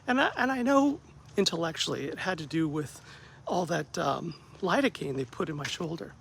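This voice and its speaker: A man who works as a therapist, telling a story about his bad day in a casual vlog, acting out the dialogue with lively ups and downs. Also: on the high side, normal speed, creaky, slight background noise. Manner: animated, acts out quoted dialogue, self-deprecating.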